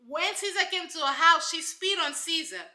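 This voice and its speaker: A woman's voice: extremely high pitch, moderate pace, pushed and bright, reverberant. A woman giving casual, sassy commentary on a reality show, emphatic and full of rhetorical asides.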